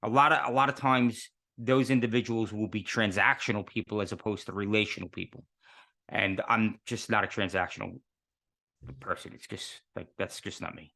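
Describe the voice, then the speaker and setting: A man's voice: fairly low pitch, fairly even intonation, normal speed, gravelly, bright, forceful tone. New guy in his 50s, chatty interview guest, earnest, lots of rhetorical questions. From New York City. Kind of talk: casual interview talk.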